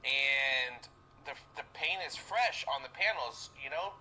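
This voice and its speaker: A young man with a very bright, cutting voice tells a story in casual chat. He rambles and swears freely, pads his talk with fillers, and a faint noise sits underneath. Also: mid-range voice, lively intonation, measured pace, low-quality recording. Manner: rambling, profane, many fillers. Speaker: friend on a call with the streamer.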